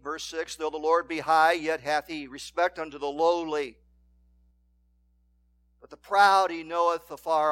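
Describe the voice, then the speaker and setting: A man preaching a sermon as pastor, reading scripture aloud and swinging between loud emphatic declarations and hushed asides. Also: on the high side, no room sound. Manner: reads scripture in King James wording.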